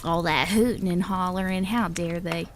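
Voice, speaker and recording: A woman's voice: lowish voice, fairly even intonation, moderate pace. A woman streams from home and chats casually with her viewers, rambling and breaking into giggles. Her sentences often start over. A faint hiss sits under her voice. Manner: chatty, giggly, rambling with restarts. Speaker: livestreamer. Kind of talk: casual chat with live chat.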